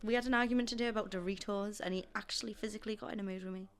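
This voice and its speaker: A woman guesting on a podcast in a casual chat, giggly and lively. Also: mid-range voice, racing.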